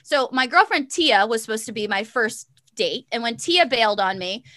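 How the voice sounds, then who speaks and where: High-voiced animated young woman. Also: normal speed, no room sound. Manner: animated, sassy, lots of fillers and quoted voices. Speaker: guest telling a story. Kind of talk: casual storytelling chat.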